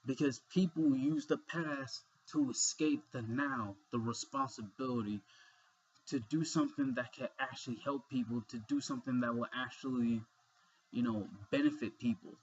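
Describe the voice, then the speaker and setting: A young man talks straight to camera in a loose, rambling way, leaning on "you know" and the odd curse word. His voice is somewhat husky and he sounds sleepy. It is a dull, lo-fi home recording. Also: mid-range voice, fairly even intonation, normal speed. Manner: rambling, earnest, with frequent fillers and swearing. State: sleepy, yawning. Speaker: vlogger. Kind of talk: casual monologue.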